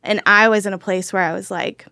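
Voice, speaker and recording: A woman's voice: mid-range voice, steady tone, a little fast, sharp tone, clear, resonant tone, no echo, studio quality. A woman chatting as a podcast guest, telling her own story candidly and reflectively. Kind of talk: casual podcast chat.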